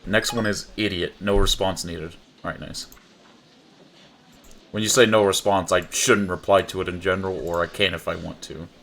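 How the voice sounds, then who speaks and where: A young man streaming a visual novel from his home setup speaks into a desk mic with a low, creaky, fairly bright voice at a moderate pace and fairly even intonation. During live commentary he reads game messages aloud, chuckling often.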